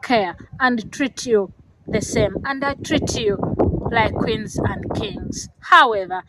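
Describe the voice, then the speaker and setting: A woman's voice: a little high, slow, noisy background. A middle-aged woman from Africa giving an earnest, lecturing talk about parenting, with many fillers and restarts, emotional and near tears. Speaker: vlogger. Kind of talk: emotional personal talk to camera.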